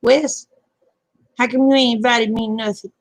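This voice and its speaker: A woman's voice: on the high side, steady tone, normal speed, dry recording. An older woman, hosting a casual late-night chat and calling viewers honey and babe. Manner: folksy, calls people honey and babe. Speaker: live stream host.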